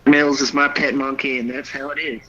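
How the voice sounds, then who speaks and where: A man trades crude, mocking insults on a radio show. His voice is bright and sharp, and it comes through dull, lo-fi audio. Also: mid-range voice, little pitch movement, fairly quick, slight background noise.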